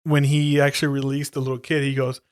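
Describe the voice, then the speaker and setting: A man's voice: monotone, fast talker, darkish tone, no room sound, clean studio sound. A man co-hosting a podcast, casually recapping horror stories in slang and muttering the characters' lines. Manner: laid-back, slangy, voices characters in low mutters. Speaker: podcast co-host. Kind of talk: casual profane chat.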